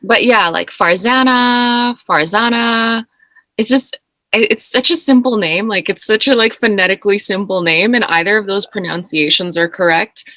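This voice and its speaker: A woman's voice: medium pitch, brisk, bright, forceful tone, no room sound. A woman guest, a motivational speaker and coach, talking animatedly and laughing easily in a casual podcast interview.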